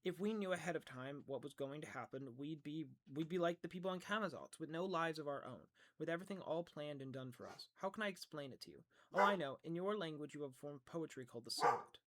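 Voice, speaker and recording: A man reading aloud as an otherworldly woman who lectures firmly, his pitch slightly raised and emphatic. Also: fast, few pauses, very noisy, close to an everyday voice. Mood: lecturing.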